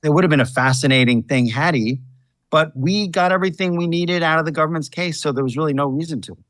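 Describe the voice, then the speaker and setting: A man's fairly high voice, close to the mic with a dry sound. He is a defense lawyer answering an interviewer and unfolds his case like a story. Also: fairly bright tone, no room sound. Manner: storytelling, measured.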